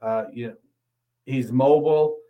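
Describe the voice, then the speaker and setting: A man co-hosting a casual football podcast, reading an ad and then giving steady analysis. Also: mid-range voice, muffled recording. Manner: reads ad copy briskly, then analyzes steadily. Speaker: podcast co-host.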